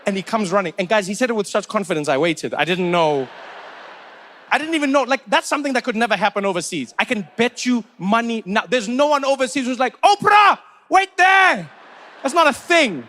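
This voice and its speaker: A man's voice: sits high, expressive, fast, fairly bright tone, slight background noise. A South African man doing stand-up, telling a story in a chatty, conversational way with many asides, on a comedy club stage into a handheld mic.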